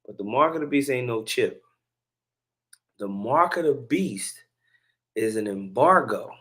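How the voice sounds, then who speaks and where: A man's voice: mid-range voice, animated, measured pace, fairly bright tone, breathy edge. A man hosting a casual religious commentary, chatty and preachy, with chuckling asides between clips.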